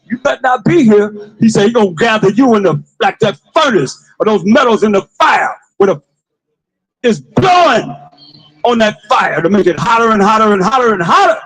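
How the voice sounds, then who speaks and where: A man street preaching to passers-by, with forceful call-and-response, repeated phrases and bursts of shouting. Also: sits high, animated, normal speed, husky, soft background music, rough recording. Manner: forceful call-and-response, commands a reader to read.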